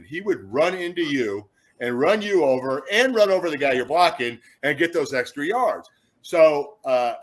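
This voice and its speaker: Animated storytelling man in his fifties. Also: medium pitch. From Chicago, USA. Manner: animated storyteller who acts out quotes, with frequent restarts. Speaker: guest, former football player. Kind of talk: casual anecdote telling.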